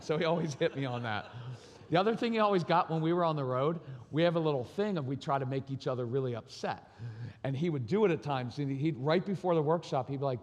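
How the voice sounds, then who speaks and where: A middle-aged man giving a lively, self-deprecating parenting talk at a live conference, telling stories and acting out voices. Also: fairly high pitch, fast talker. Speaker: parenting speaker. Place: large hall at a live conference. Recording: long reverb of a large hall.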